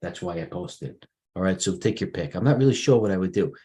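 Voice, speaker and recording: A man's voice: low-pitched, animated, a little fast, mellow. A middle-aged man hosting a live market stream, rambling through charts with restarts and fillers. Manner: rambling, thinks aloud, frequent restarts and fillers. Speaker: stock market livestream host. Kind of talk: casual market commentary over charts.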